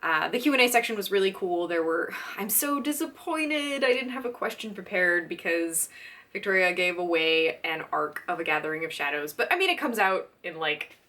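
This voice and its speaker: A woman's voice: on the low side, normal speed. Giggly chatty woman book vlogger. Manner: chatty and giggly, gushing fan excitement. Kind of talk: casual chat to camera.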